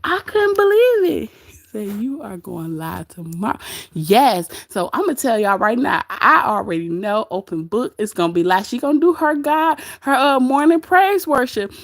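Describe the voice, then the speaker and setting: A woman's voice: mid-range voice, normal speed, dry recording, clean studio sound. A woman hosting a casual livestream, gossiping about another streamer and laughing often as she reads the chat. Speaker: livestream host.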